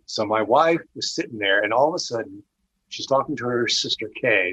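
Husky, forceful man telling a story. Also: medium pitch, lively intonation, fairly quick, low-quality recording. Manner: earnest, conversational, with frequent restarts. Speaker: storyteller sharing personal testimony. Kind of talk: casual spoken storytelling.

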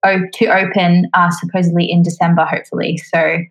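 A woman's voice: on the low side, level tone, a little fast, low-quality recording. A young adult woman, a musical theatre performer, talking casually as a guest in an interview, chatty with lots of fillers.

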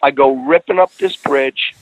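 A man's voice: medium pitch, normal speed, no room sound, poor audio. A middle-aged man telling a personal story in casual conversation, earnest, often restarting his phrases.

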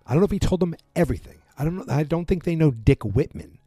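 A man in casual chat, rambling through a TV episode recap with many fillers and quick acted-out quotes. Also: a little high, lively intonation, dark tone, husky, dry recording, studio quality, faint music behind. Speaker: podcast host recapping a TV drama.

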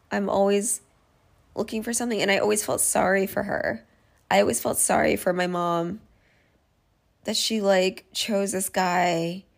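On her solo podcast, a woman with a medium-pitched, creaky voice talks openly, teasing herself as she works through her thoughts aloud.

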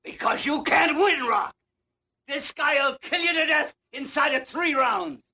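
An actor playing a gruff, blunt old male boxing trainer who scolds in a raspy, shouting voice. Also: very high voice, a little slow, heavily acted. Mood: gruff scolding.

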